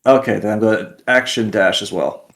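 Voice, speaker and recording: A man's voice: lowish voice, moderate pace, fairly bright tone. A man playing in a tabletop game, talking eagerly and often stumbling and restarting his words. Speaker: player. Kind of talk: casual tabletop play.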